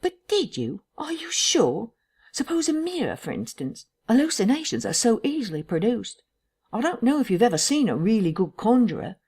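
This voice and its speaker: A woman's voice: a little high, very animated, normal speed, a little mellow, breathy edge, pitched above the performer's own voice, exaggerated voice. A woman voicing a pompous, evasive male vicar in an audiobook. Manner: pompous, hedging.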